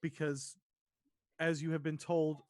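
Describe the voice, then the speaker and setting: A man narrating as dungeon master in a tabletop game, describing scenes haltingly with many fillers. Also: fairly high pitch, level tone, no room sound, studio quality.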